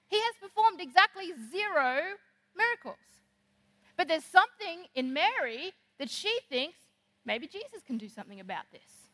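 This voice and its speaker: A woman preaching a sermon in an animated, conversational way. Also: very high voice. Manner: animated, conversational, acts out quoted lines. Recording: long hall reverb.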